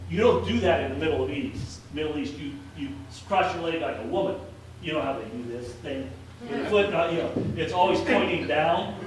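A man's voice: fairly high pitch, a bit bright. A man giving a casual Bible lesson, talking conversationally and asking his listeners questions. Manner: conversational, asks the listeners questions, frequent restarts. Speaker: Bible teacher.

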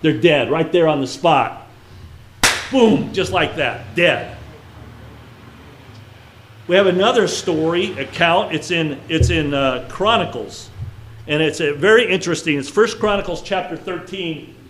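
A man's voice: on the high side, animated, measured pace, pauses often, a bit bright, a little hiss or hum. Man teaching scripture in a chatty way. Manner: conversational, asks the listeners questions, frequent restarts. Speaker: Bible teacher. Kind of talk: casual Bible teaching.

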